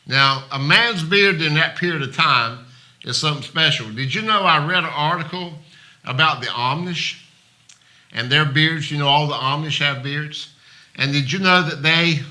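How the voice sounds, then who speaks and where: A man's voice: fairly high pitch, pushed and bright. A man preaching a sermon in a church, folksy and plain-spoken, acting out the voices of those he quotes. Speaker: pastor.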